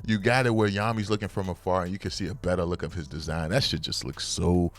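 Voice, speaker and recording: A man with a low, deep voice talks through new comic chapters in a loose, slangy way. He gets worked up easily and spikes into loud, excited outbursts before settling back into easy chat. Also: fast. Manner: slangy, excitable, breaks into loud bursts of hype. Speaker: manga reviewer. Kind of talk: casual chapter review.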